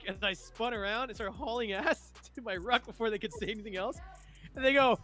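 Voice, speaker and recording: A young man telling army stories in casual chat, profane and laughing often, acting out shouting sergeants. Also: sits high, quick pace. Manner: animated, acts out sergeants' shouts. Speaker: streamer and army veteran.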